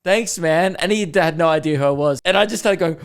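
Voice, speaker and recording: A young man in his twenties chatting on a podcast, telling a rambling story and acting out the lines of people in it. His voice sits a little high for a man, and he talks in loose, easygoing bursts. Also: vocal fry, clean tone. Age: 20s. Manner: rambling storyteller, quick to act out quotes. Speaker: podcast co-host. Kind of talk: casual chat.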